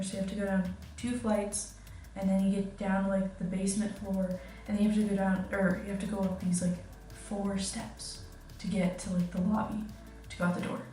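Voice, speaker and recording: A woman's voice: mid-range voice, warm tone. Chatty young woman in an echoey room. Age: young adult. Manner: chatty storytelling, many "like"s and giggles. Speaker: study-abroad student vlogger. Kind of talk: casual vlog chat. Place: kitchen indoors. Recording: echoey room, distant mic, faint music.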